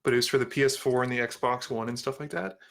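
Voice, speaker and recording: A man's voice: medium pitch, fairly even intonation, fast, creaky, fairly bright tone, slight background noise. A man chatting casually at a card game, easygoing and a little hesitant, repeating words as he thinks. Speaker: player.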